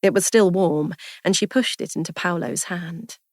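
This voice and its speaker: A woman narrating a story aloud in an even, measured storytelling manner. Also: lowish voice, dry recording, clean studio sound. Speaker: audiobook narrator.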